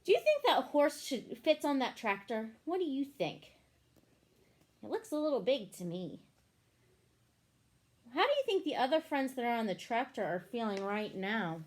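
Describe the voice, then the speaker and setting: A woman reading a picture book aloud to children, pausing to ask them questions. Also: fairly high pitch. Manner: animated, asks the listeners questions.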